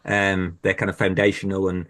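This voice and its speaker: A man's voice: low-pitched, level tone, fairly quick, fairly bright tone. A man speaking as a horror podcaster on a panel, rambling and self-deprecating with many restarts, over a video call. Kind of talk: casual panel chat.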